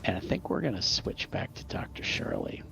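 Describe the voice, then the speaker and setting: A man's voice: moderate pace, a bit bright. A man narrating as game master of a tabletop game, rambling with many restarts and jokes. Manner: rambling, lots of fillers and restarts, jokey.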